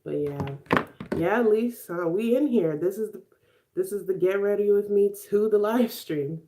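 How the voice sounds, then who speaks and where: Doing her makeup live for viewers, a young woman from Chicago in her twenties talks in a medium-pitched, dark-toned voice at a measured pace. She's casual and chatty, laughing often as she goes through and answers comments.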